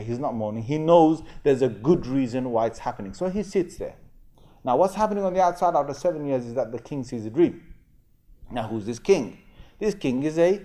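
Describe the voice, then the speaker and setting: Male lecturer, London accent, lively street-talk sermon delivery that acts out dialogue. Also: medium pitch. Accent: London English. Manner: animated storytelling, acting out dialogue, slangy and conversational. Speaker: Islamic lecturer.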